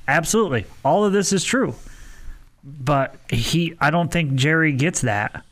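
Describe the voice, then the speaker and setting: A man's voice: a little high, animated, a little slow, fairly bright tone. A man co-hosting a sports talk radio show, skeptical and pushing back with questions in casual debate. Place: radio studio.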